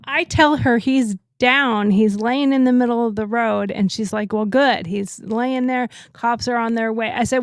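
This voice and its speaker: A woman's voice: measured pace, few pauses, no room sound. A middle-aged woman co-hosting a talk show from home, telling a story in casual chat and acting out the quotes. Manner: animated, acts out quotes with rising pitch.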